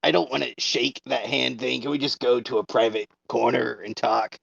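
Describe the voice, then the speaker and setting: Gravelly, husky player, bluntly stern in character, dull lo-fi mic. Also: male voice, mid-range voice, level tone, moderate pace, a bit bright, no room sound. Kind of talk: tabletop role-play.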